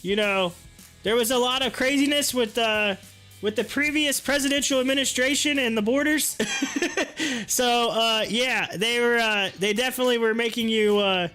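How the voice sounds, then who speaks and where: A man's voice: very high-pitched, moderate pace, bright, forceful tone, soft background music. A man hosting a live stream, rambling through casual stories and viewer comments and laughing often. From United States. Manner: rambling storyteller, laughs often, repeats himself.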